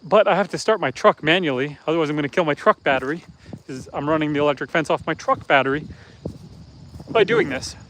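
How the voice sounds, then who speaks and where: Outdoors on his farm by a truck and some pigs, a Canadian man live-streams casually, describing his chores as he works and reading viewer comments. His fairly high, slightly bright voice is sing-song and quick, with a little hiss or hum in the audio.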